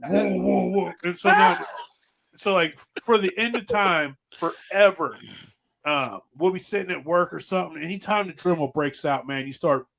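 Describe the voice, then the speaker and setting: A man's voice: on the high side, moderate pace, gravelly, pushed and bright. Rambling, profane storyteller man. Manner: rambling, profane, laughs through stories. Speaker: podcast host. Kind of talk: casual storytelling chat.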